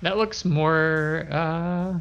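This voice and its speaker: A man narrating as game master of a tabletop game, relaxed and full of fillers, on a dull lo-fi recording. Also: on the high side, drawn-out words, clear, resonant tone.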